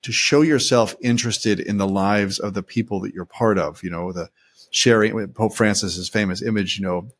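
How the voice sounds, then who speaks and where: A man's voice: lowish voice, moderate pace. A man hosting an interview, talking enthusiastically and telling stories in long rambling sentences. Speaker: podcast host, former seminary teacher. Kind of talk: interview talk.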